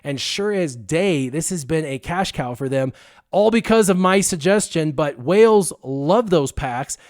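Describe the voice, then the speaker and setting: An excitable man hosts a gaming channel and tells a story to his viewers in a casual, animated way. His voice sits a little high for a man. The sound is close and dry. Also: dry recording. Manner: excitable and animated, stressing words for effect.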